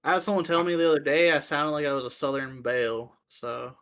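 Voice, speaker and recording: A man from Ohio with a bright, clear voice, co-hosting a casual gaming podcast. He rambles easily from one thought to the next in relaxed chat. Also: on the high side, a little fast. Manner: easygoing, rambling. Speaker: podcast co-host.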